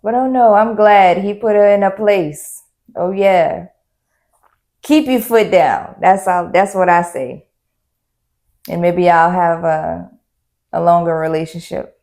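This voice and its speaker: A woman's voice: on the low side, fairly even intonation, takes it slowly, pauses often, a little mellow. A woman co-hosting a reaction show who chimes in with agreement and her own opinions in casual chat. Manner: chimes in with short agreements, then gives her own take.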